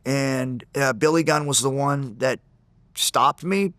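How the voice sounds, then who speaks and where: A man being interviewed, telling a story in an animated way, acting out the people in it and often restarting and repeating words. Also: medium pitch, takes it slowly, dry recording. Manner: animated, acts out the people in his stories. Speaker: interview guest.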